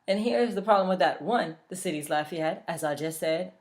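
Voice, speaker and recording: A woman's voice: on the low side, normal speed, few pauses. A young woman from Louisiana, chatting casually and bluntly, swearing freely as a vlogger. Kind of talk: casual chat.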